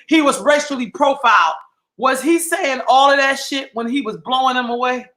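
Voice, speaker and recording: A man's voice: very high voice, normal speed, pushed and bright, roomy sound. A man hosting a livestream, delivering an impassioned, heated monologue full of profanity and emphatic repetition. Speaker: livestream host.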